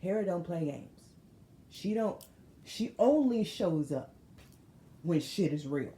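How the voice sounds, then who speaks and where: Casting: woman tarot reader, low-ish voice, animated and emphatic, roomy sound with faint noise. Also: takes it slowly. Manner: animated, laughs often, slangy and emphatic. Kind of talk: casual tarot reading to viewers.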